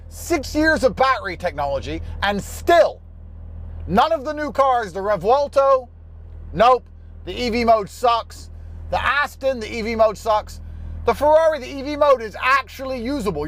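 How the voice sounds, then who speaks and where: A man's voice: high voice, slight background noise. A man ranting bluntly and profanely as he hosts a car review from inside a car while driving. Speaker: host.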